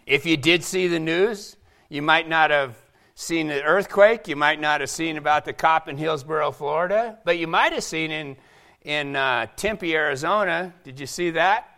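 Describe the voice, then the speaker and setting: Bright-voiced animated male preacher. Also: a little high, moderate pace. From Seattle. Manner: animated, acts out quoted voices. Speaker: pastor. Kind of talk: sermon.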